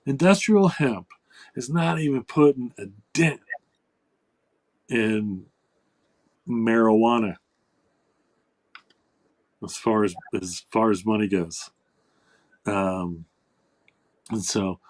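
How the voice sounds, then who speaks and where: A man's voice: lowish voice, takes it slowly, pauses often. A man hosting a casual talk show, rambling with many fillers and restarts. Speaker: host.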